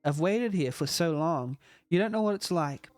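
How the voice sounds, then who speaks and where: A man's voice: fairly high pitch, expressive, normal speed, a little mellow, dry recording, soft background music, close to an everyday voice. Lonely dream-trapped young man, read by a man. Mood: hurt, lonely.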